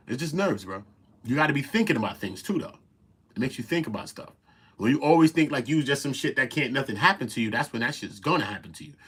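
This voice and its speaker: A man hosting a casual commentary show, talking in an animated, profane and incredulous way. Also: lowish voice, husky. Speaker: commentary host.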